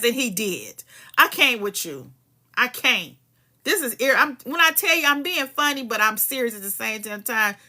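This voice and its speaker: Bright-voiced woman reading a lawsuit aloud. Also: fairly high pitch. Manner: profane, heated, emphatic asides between read passages. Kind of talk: reading a legal filing with heated commentary.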